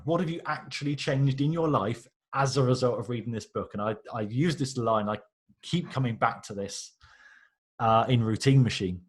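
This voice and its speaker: A man with a husky, slightly rough voice, chatting as a podcast guest. He tells stories with energy and slips into the voices of the people he quotes. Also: medium pitch, moderate pace. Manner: animated, acts out quoted reactions. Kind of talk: casual interview storytelling.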